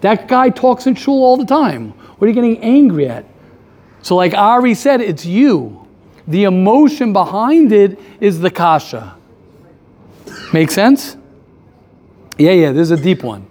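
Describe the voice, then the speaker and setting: A man teaching a casual class, animated, firing rhetorical questions and repeating his points. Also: sits high, measured pace, pauses often. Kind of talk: casual lively classroom talk.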